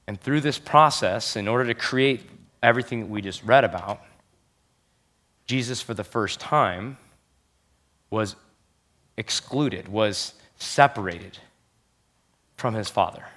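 A man preaching a sermon as a pastor, earnest and emphatic, slowing down to stress key phrases. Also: lowish voice, fairly bright tone.

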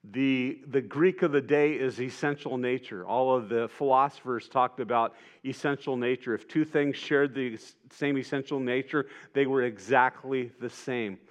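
Man, preacher, sermon, conversational, animated, acts out quotes. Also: mid-range voice, moderate pace, few pauses.

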